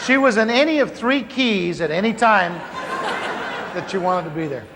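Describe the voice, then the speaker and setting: Animated man preaching in a reverberant hall. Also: high-pitched, moderate pace, crowd noise, noisy background. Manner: animated, comic, acts out dialogue. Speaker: preacher telling his conversion story. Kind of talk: storytelling sermon. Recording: large hall reverb, faint ambience.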